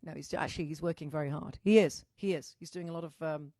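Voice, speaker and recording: A woman's voice: low-pitched, fairly even intonation, quick pace, mellow, no room sound, clean studio sound. A woman musician hosting a casual livestream. She greets viewers as darling, chats effusively and swears freely while talking into a microphone at home. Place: at home, indoors. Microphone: microphone in front of her.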